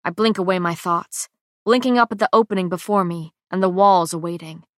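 A woman narrating a first-person audiobook with a tense, dramatic delivery that drops to hushed lines, recorded on a close mic in a booth. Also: lowish voice, fairly even intonation, brisk, no room sound.

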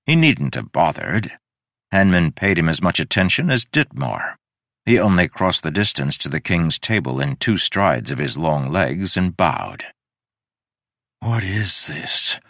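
A man reading a fantasy novel aloud as narrator, telling it in an expressive, dramatic way. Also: rumbling low, no room sound, studio quality. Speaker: audiobook narrator. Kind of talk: scripted narration.

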